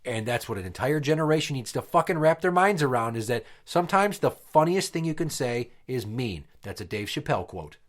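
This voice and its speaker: A man in his thirties hosts a casual podcast, telling stories bluntly and swearing freely. His voice swings widely in pitch as he gets into a story, at a middling register. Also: big pitch swings, a little fast, few pauses. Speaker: podcast host. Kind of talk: casual profane podcast chat.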